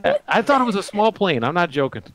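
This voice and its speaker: A man's voice: sits high, fast talker, a crowd in the background. A man telling a funny travel anecdote on a voice call, acting out his own lines. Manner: animated anecdote with acted quotes. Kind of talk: casual storytelling.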